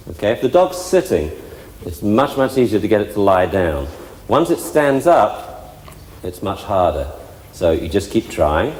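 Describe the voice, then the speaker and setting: Dog trainer explaining in an echoey hall. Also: male voice, lowish voice, darkish tone, a little hiss or hum. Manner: chatty, explains while working the dogs, puts on dog voices for fun. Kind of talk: live training demonstration. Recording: echoey hall with faint ambience.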